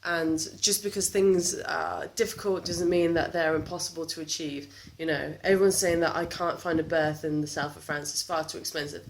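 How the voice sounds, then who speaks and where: A woman's voice: low-pitched, steady tone, normal speed, hardly any pauses, a little hiss or hum. Frustrated woman venting in a vlog. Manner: emotional, frustrated, restless. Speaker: vlogger. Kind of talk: candid vlog monologue.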